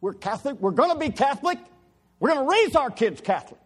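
Give me a preacher voicing a hot-tempered sailor husband, barking orders in a husky, raised voice. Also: male voice, medium pitch, fast. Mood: furious. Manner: curt, threatening, shouting. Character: angry hard-drinking sailor husband, man.

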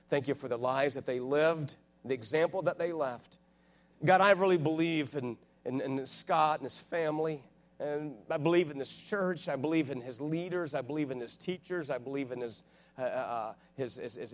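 A man in his forties giving a sermon as a guest preacher, earnest and full of restarts, growing fervent as he tells his stories. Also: medium pitch. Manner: earnest, rising to fervent and loud; halting restarts and repeated words. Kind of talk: sermon with personal storytelling. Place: church, live before a congregation.

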